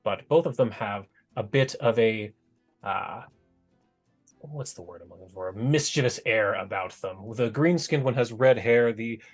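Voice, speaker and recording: A man's voice: on the low side, normal speed, faint music behind. A man narrating as game master of a tabletop game, in a loose, rambling way with frequent fillers.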